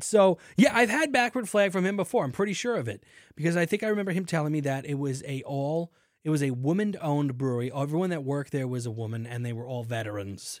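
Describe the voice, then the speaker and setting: Rambling New podcast host. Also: male voice, medium pitch, no room sound, clean studio sound. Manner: rambling, self-mocking, many fillers. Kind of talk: casual solo podcast talk. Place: cramped home studio. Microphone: studio microphone.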